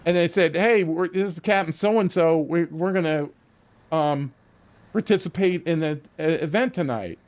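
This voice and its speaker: A slightly high voice at a moderate pace belongs to a man who, mid-stream, animatedly recounts a long tale with heavy swearing, acting out his own lines and repeatedly restarting.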